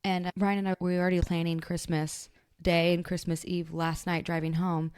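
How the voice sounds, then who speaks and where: A woman's voice: lowish voice, normal speed, clean tone, dry recording. A young woman co-hosting a podcast, telling a story in casual chat and acting out what people said. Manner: animated storyteller, acts out quotes. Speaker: podcast co-host.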